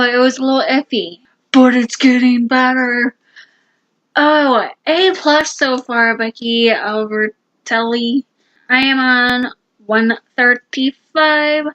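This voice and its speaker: A woman giving casual reading-vlog check-ins, excitable and gushing, often repeating herself. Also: on the high side, dry recording, lo-fi sound. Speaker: booktuber.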